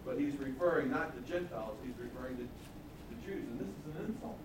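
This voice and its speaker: A male pastor teaching a sermon in a conversational way, asking the congregation questions and stressing repeated words loudly. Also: medium pitch, expressive, brisk, recorded from a distance, very noisy. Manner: conversational Bible teaching, rising to emphatic repetition. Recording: echoey room, voice from off-mic.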